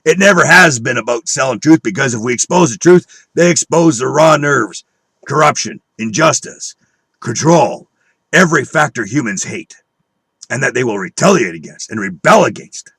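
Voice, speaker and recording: A man's voice: mid-range voice, animated, normal speed, a bit bright, husky, no room sound. A man delivering a profane, combative rant at his viewers, scornful and preaching, with a dry close recording. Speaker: online video speaker. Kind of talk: angry conspiracy rant.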